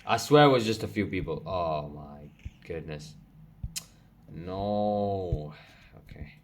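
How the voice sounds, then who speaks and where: Young man, very low voice, gameplay commentary, excitable, noisy recording with clicks. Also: takes it slowly. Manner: excitable, swears when frustrated. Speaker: gaming channel host.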